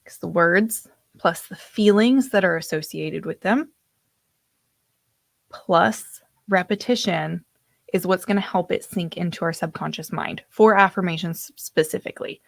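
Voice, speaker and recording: A woman's voice: mid-range voice, vocal fry, dry recording. A woman coach teaching a live online workshop in a loose, chatty way, now and then losing her place in her notes. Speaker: personal development coach.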